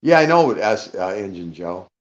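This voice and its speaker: Low-voiced man chatting on a lo-fi live panel. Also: big pitch swings, moderate pace. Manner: rambling, greets listeners by name, checks he caused no offence. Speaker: guest speaker on a live audio panel. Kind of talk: casual live chat.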